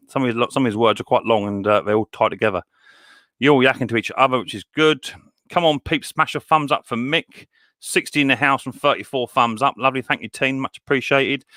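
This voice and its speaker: A chatty man runs a live stream chat, welcoming viewers by name and giving practical mower advice. His voice is bright and forward, heard dry and close with no room sound. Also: mid-range voice, dry recording. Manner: chatty and upbeat, greets each viewer with "mate". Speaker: live stream host, mower repair shop owner.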